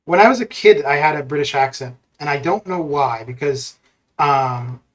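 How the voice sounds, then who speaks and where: A man's voice: fairly high pitch, expressive, normal speed. A man streaming a game and chatting over voice chat, rambling with frequent laughs and restarts. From Canada. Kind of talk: casual chat. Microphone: voice chat over Discord.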